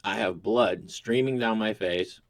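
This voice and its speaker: A man's voice: fairly low pitch, unhurried. Profane man telling a rambling story. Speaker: host. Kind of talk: casual comedic storytelling.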